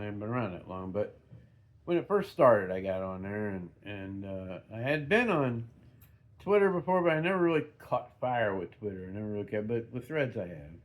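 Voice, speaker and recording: A middle-aged man giving an unscripted, rambling vlog monologue, swearing freely and restarting his sentences often. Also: medium pitch. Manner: rambling, profane, with frequent restarts. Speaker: vlogger.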